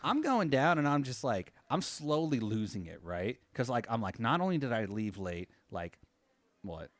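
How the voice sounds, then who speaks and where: A man co-hosting a podcast who tells a story in casual chat, swears freely and jumps into a high voice when he quotes people. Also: very animated, normal speed, no echo. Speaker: podcast co-host.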